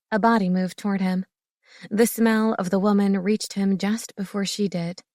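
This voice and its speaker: A woman reading an audiobook narration in a steady, expressive way. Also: mid-range voice, no room sound, studio quality. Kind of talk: scripted narration.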